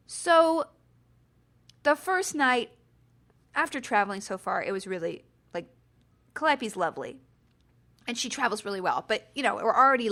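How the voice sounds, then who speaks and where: A woman in her forties hosting a podcast, telling a story in a chatty, animated way with self-deprecating asides. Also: on the high side. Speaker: podcast host. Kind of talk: casual storytelling.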